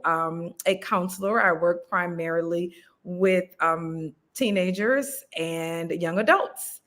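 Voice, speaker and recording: A woman's voice: fairly low pitch, a bit bright. A woman, a writer and actor, chatting casually as an interview guest with frequent ums. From New Orleans.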